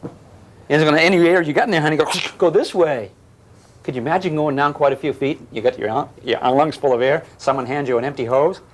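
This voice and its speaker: A man's voice: on the high side, fairly quick. An older man giving a physics lecture to a class, teasing and questioning his students as he explains. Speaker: physics teacher.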